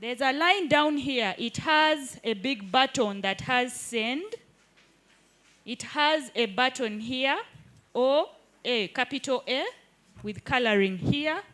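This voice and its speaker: A woman's voice: sits high, expressive, takes it slowly, fairly bright tone. A woman teaching a live hands-on workshop in an indoor training room, keeps checking that the group follows. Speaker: digital skills trainer.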